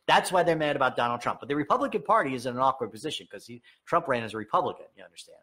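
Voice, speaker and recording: A man giving an opinionated political rant, heated and sarcastic, with sudden high, emphatic outbursts. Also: fairly bright tone, breathy edge. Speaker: political commentator.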